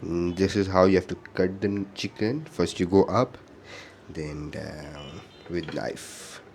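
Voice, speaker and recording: Playful low-voiced man cooking. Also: steady tone, measured pace, vocal fry, a little mellow, a little hiss or hum. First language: Bengali. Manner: playful and self-amused, joking asides. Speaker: home cook vlogger. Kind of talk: casual cooking narration.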